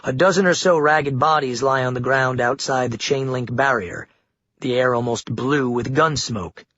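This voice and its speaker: Husky-voiced man narrating a grim audiobook. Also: mid-range voice, moderate pace, a bit bright, no echo. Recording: dry, slightly muffled lo-fi recording.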